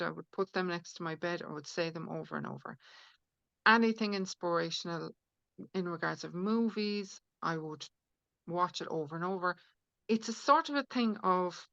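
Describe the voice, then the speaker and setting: A woman guest on a podcast, talking through her ideas in an earnest, rambling way full of fillers and restarts. Her voice has a gravelly fry to it. The recording sounds dry and a little dull. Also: lowish voice, pushed and bright, no room sound. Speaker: guest, spiritual healer. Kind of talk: conversational podcast interview.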